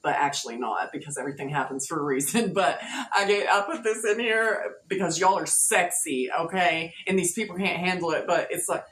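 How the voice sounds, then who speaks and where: A woman's voice: on the low side, lively intonation, a little fast, a bit bright. A woman giving a casual tarot reading to her viewers, playful and slangy, often laughing. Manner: playful, laughing, slangy, sings snatches of songs. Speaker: tarot reader. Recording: echoey room with faint ambience.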